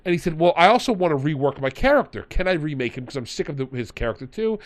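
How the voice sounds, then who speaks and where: Male podcast host, storyteller, animated delivery. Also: on the high side, fast talker. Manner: animated, retells players in quoted voices. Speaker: podcast host and game master. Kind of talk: storytelling in casual chat.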